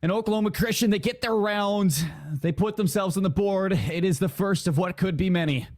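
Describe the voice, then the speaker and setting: A man calling live esports play-by-play with quick calls of the action. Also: high-pitched, a little mellow. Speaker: esports caster.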